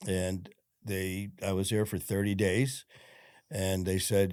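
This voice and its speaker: A man's voice: low voice, little pitch movement, slow, a little mellow, clean tone, dry recording, studio quality. A man, a former cop and podcast guest, telling his story in a frank, rambling, profane way full of fillers. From Detroit, USA. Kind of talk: casual storytelling interview.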